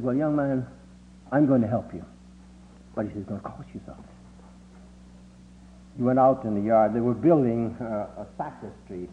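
An older man reminisces about his childhood in a halting oral-history account, peppered with "uh" fillers, and his pitch rises as he acts out the voices of people he quotes. The lo-fi recording sounds tinny and carries a faint hum.

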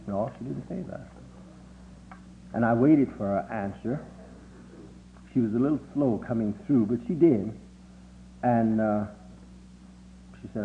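An older man recalling childhood memories in a halting way, with many filler sounds, lifting his voice when he quotes people. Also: lively intonation. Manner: halting, with frequent 'uh' fillers; acts out quoted voices with rising pitch. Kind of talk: oral history reminiscence. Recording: tinny lo-fi recording with faint hum.

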